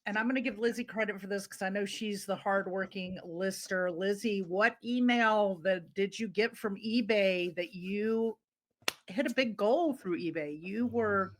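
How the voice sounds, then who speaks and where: A woman co-hosting a casual group chat about reselling, telling lively, playful stories. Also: medium pitch, a little slow. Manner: animated storyteller, playful voices in anecdotes. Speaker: podcast co-host.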